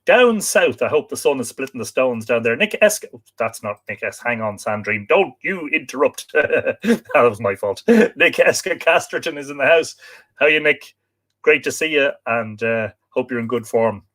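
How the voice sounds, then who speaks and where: A man's voice: medium pitch, animated, normal speed. Chatty Irish man greeting viewers. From Ireland. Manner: reads out viewers' names and greets them warmly, with frequent hesitations. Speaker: live stream host. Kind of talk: casual live stream chat.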